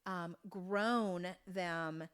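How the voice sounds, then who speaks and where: A woman in her fifties from Oregon, a podcast guest telling a story in an earnest, halting way with many restarts. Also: on the low side, fairly bright tone, clear, resonant tone. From Oregon, USA. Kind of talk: conversational storytelling.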